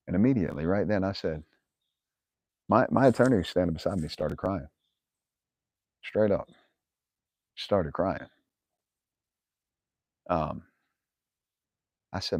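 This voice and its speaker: A man's voice: low-pitched, moderate pace, pauses often, a little mellow, no room sound. A man hosting a live viewer Q&A, telling stories bluntly with lots of swearing and laughs. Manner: blunt, profane, laughs often, quotes himself angrily. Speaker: livestream host answering viewer questions. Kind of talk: profane casual live Q&A storytelling.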